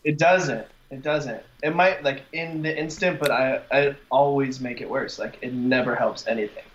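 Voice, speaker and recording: A man co-hosting a podcast in casual chat, teasing and chiming in with quick reactions. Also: medium pitch, steady tone, fairly bright tone, lo-fi sound, slight background noise. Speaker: podcast co-host.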